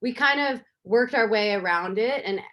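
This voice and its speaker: A woman filmmaker in a casual interview, telling her story in an animated, chatty way with lots of fillers, over a video call. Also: on the high side, normal speed. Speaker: filmmaker guest.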